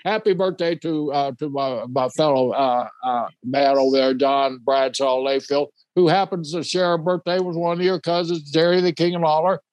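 A man's voice: fairly high pitch, steady tone, moderate pace, hardly any pauses, darkish tone, no room sound, muffled recording. Rambling older man co-hosting. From Oklahoma. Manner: rambling, repeats words. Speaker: podcast co-host. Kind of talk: casual interview chat.

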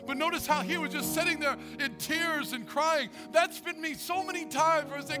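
A man's voice: very high-pitched, lively intonation, moderate pace, music in the background. A man preaching a sermon as pastor, with an emphatic, repetitive cadence.

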